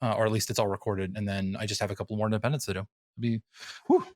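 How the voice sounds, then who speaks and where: Man, podcast host, low-pitched, rambling casual chat, dry close mic. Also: steady tone, racing, a little mellow, no room sound. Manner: rambling, laughs often, many fillers.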